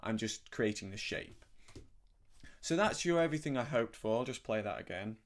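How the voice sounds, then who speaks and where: A middle-aged man teaching a harmonica lesson in a relaxed, gentle, explanatory way, sometimes humming syllables to show a sound. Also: on the low side, moderate pace. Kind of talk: relaxed spoken music lesson.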